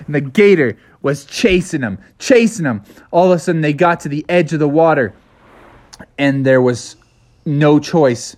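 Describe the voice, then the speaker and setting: A man improvising a bedtime story, narrating in a lively, playful way. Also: fairly high pitch, normal speed.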